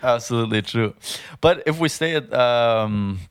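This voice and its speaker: Smooth-voiced young man chatting on a podcast. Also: mid-range voice. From Germany. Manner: chatty, fast-talking, many fillers and restarts. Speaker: podcast co-host. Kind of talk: casual podcast chat.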